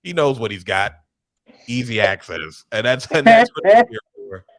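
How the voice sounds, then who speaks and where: A man's voice: mid-range voice, moderate pace, no room sound, studio quality. A man hosting a casual movie recap chat, acting out the characters' lines. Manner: animated, acts out characters' lines in put-on voices. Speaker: podcast host.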